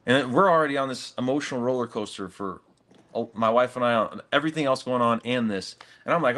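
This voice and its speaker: A man's voice: medium pitch, fast talker, a bit bright. A middle-aged man, a gym owner, telling a story earnestly in a casual interview, saying "dude" and "man".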